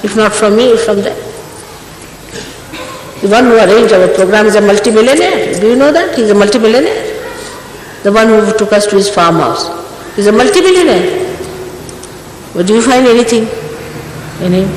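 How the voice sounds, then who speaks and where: A woman's voice: medium pitch, animated, moderate pace, long pauses, darkish tone, slight background noise. An older woman, a spiritual teacher, giving an emphatic, scolding talk to her followers, full of rhetorical questions. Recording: echoey hall, archival recording.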